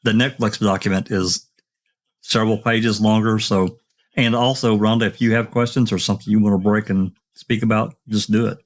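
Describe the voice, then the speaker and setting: A man's voice: fairly low pitch, steady tone, normal speed. A man hosting an online open mic discussion, talking casually with many fillers and restarts. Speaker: podcast host.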